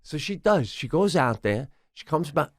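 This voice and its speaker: A man co-hosting a podcast, telling a story in casual chat, animated and swearing, acting out other people in raised voices, recorded in a home studio. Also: fairly high pitch, moderate pace, no room sound. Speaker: podcast co-host.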